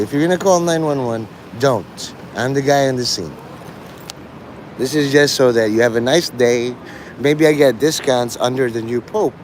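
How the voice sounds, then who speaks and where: A man's voice: mid-range voice, a little mellow, slight background noise. A man from the Philippines livestreaming from a city street, rambling in a joking, provocative way and dropping in Tagalog phrases.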